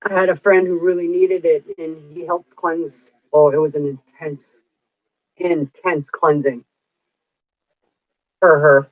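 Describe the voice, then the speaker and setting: Slow and pausing often, a low-voiced woman in her forties keeps a fairly even intonation while telling rambling, chatty stories on her psychic livestream and acting out dialogue. The recording is dull, lo-fi and dry, with no room sound.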